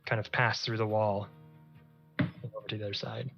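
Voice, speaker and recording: A man's voice: lowish voice, little pitch movement, a little fast, gravelly, lo-fi sound, faint music behind. Man narrating a tabletop game. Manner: casual, descriptive, with fillers. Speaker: game master.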